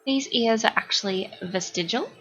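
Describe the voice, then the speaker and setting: A woman's voice: on the high side, normal speed, fairly bright tone, faint music behind. A young Australian woman streaming her art, chatting casually with viewers, reading their comments aloud and laughing often. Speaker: art livestreamer. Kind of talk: casual chat with live viewers.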